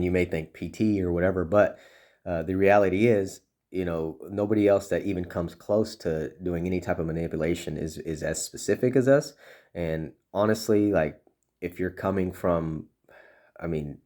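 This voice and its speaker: A man's voice: low voice, a little mellow. A man talking casually and earnestly to fellow chiropractors, coaching them, often restarting and saying "you know". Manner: earnest, repeats words, many "you know" fillers. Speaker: chiropractic consultant.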